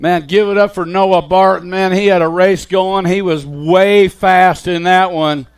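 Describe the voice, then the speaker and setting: A man giving live BMX race commentary, calling riders and positions in an excited play-by-play. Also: high-pitched, a little slow, clear, resonant tone. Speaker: race announcer.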